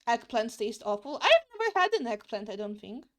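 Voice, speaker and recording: A young woman talks casually while drawing on a stream, wandering between topics, repeating herself, and swearing lightly in English, her second language. She has a fairly high, sing-song voice at a moderate pace, with a slightly bright tone.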